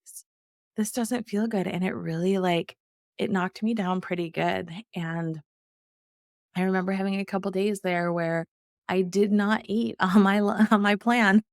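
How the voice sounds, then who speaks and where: A woman's voice: medium pitch, fairly even intonation, a little slow, dry recording, clean studio sound. A middle-aged woman, a guest in an interview, telling her personal story earnestly and acting out the dialogue she quotes.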